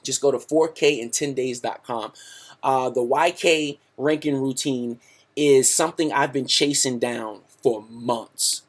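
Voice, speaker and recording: A man's voice: mid-range voice, fairly even intonation, unhurried. A man hosting a sales webinar, hyped and salesy, tacking "right?" onto nearly every sentence and calling his listeners "guys". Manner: hyped, repeats "right?" constantly; salesy, pumped, talks to the audience as "guys". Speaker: webinar host.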